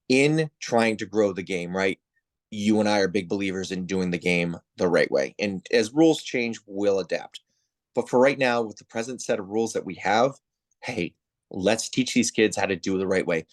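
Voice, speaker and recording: A man's voice: lowish voice, moderate pace. A man who heads volleyball officiating, telling stories in a casual interview and acting out the people he quotes. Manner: animated storyteller, acts out quoted voices. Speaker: head of volleyball officials, guest.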